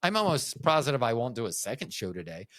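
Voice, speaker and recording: A man's voice: mid-range voice, big pitch swings, fast, a bit bright, dry recording, clean studio sound. A man hosting a solo podcast, rambling through jokey asides with frequent restarts. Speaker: podcast host.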